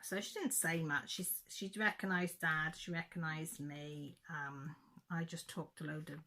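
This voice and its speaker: A woman's voice: low-pitched, steady tone, a little slow, bright, forceful tone. A middle-aged woman, chatting casually in a vlog and telling a story in a rambling way with frequent self-corrections. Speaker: craft vlogger.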